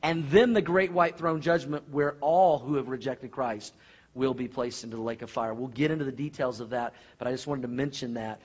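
A male pastor preaching a sermon, earnest, with animated storytelling and questions to the congregation. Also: medium pitch, brisk. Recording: dull lo-fi sermon recording.

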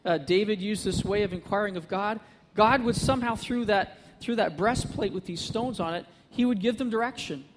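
A male pastor delivering a sermon with a notably high, light voice, earnest and repeating his points for emphasis. His voice carries a long reverb from a large church hall, with a faint hiss of noise behind it. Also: moderate pace. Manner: earnest, builds to emphatic repetition.

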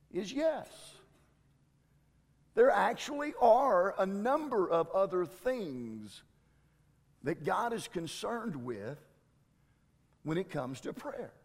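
A man preaching a sermon as a pastor, emphatic and exclamatory, with dramatic shifts between loud and hushed delivery. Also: sits high, long reverb tail.

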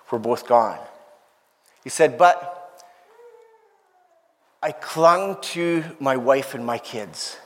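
A man telling an emotional story in a sermon, earnest and heartfelt, acting out the voices of the people he quotes. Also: medium pitch. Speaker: preacher. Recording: long hall reverb.

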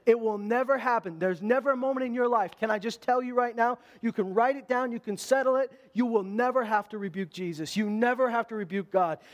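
A man preaching a sermon to his church in a conversational, animated way, with emphatic rises in his voice. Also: very high-pitched. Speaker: pastor.

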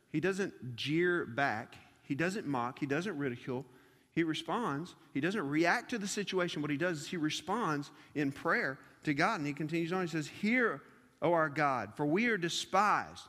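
High-voiced man preaching in a reverberant hall. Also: expressive, normal speed, a bit bright. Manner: repetitive, emphatic preaching with rhetorical questions. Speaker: pastor. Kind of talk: sermon. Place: church service before a congregation.

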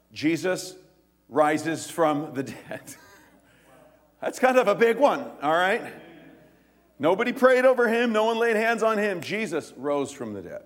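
Guy pastor preaching, kinda high voice, acts out the stories, big hall echo. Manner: animated storytelling, acts out voices, laughs. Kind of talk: sermon.

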